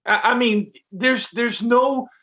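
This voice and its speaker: A man's voice: very high-pitched, slow, sharp tone. A man hosting a sports talk show, ranting in a furious, profane, repetitive way. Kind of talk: heated sports rant. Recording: dull lo-fi sound.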